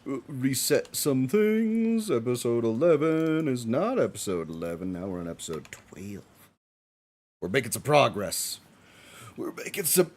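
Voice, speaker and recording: A man streaming a live watch-along, reacting excitedly with frequent laughs and casual swearing. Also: medium pitch.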